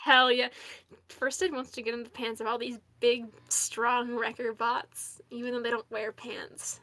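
High bright-voiced woman on a podcast, jokey, swears a lot. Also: level tone, unhurried. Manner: loud, swears freely, jokey. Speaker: podcast co-host. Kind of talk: casual chat.

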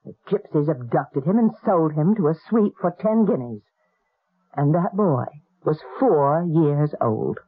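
A calm, matter-of-fact figure, slightly husky; thin lo-fi radio sound. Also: male voice, a little high, unhurried. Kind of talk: 1970s radio drama acting. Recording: tinny lo-fi old radio broadcast.

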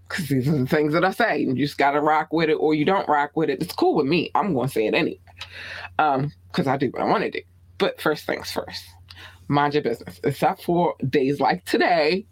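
A woman podcast host with a Baltimore accent, chatting casually and bluntly in a small home studio, her voice swooping up high when excited. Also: slightly rough, no echo. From Baltimore, USA. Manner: laid-back, blunt, frequent "um" and laughter. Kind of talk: casual podcast sign-off chat.

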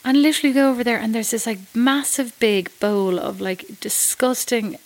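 A woman's voice: fairly high pitch, normal speed, poor audio. An Irish woman in her forties from Ireland, telling stories in a casual chat, with lots of fillers and laughter. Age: 40s. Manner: chatty storytelling, laughs often, many fillers. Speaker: guest.

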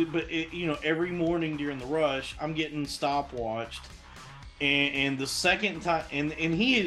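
A man's voice: a little high, fairly bright tone. A man, a podcast host, telling a long casual story in a rambling, profane way, full of restarts and fillers.

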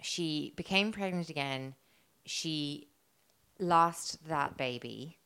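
Low-voiced chatty woman podcaster. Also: takes it slowly, pushed and bright, smooth. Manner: chatty, giggly, swears freely. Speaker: podcast co-host telling the story. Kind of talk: casual podcast chat.

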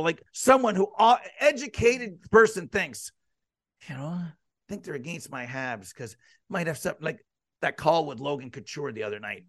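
A man hosts a sports talk show in an easy, conversational way. He asks pointed questions and slips into lively asides. His voice sits high, and the sound is dry and close-miked. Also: dry recording. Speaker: podcast host.

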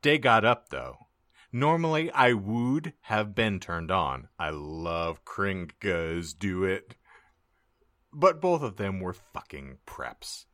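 A man with a low voice narrates a story for a comedy podcast, and his pitch leaps and dips in an exaggerated, mock-dramatic way. His tone is bright and forward, recorded dry and close. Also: very animated, slow pace, no echo. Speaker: podcast host.

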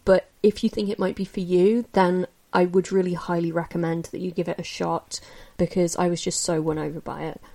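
Chatty woman giving candid film reviews. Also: lowish voice. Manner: chatty and candid, many fillers and restarts. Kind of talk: casual spoken film review.

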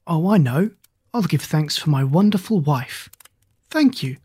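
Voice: mid-range voice, animated, measured pace, warm tone, husky, no room sound. A storyteller voicing a distraught, hot-tempered farmer who has lost everything, in a dry, close recording. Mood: grateful. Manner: wailing, annoyed complaints. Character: distraught hard-working male farmer, grieving and quick-tempered.

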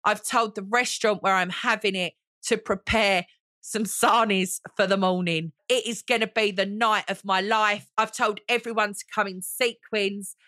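A woman's voice: mid-range voice, steady tone, moderate pace, pushed and bright, no room sound, clean studio sound. Gushing woman in her forties. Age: 40s. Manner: gushing, theatrical, calls listeners honey. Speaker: podcast host. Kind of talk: chatty solo podcast monologue.

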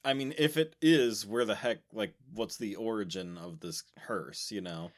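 A woman's voice: very deep voice, normal speed. A woman co-hosting a casual podcast, chiming in with dry, quippy remarks. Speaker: podcast co-host.

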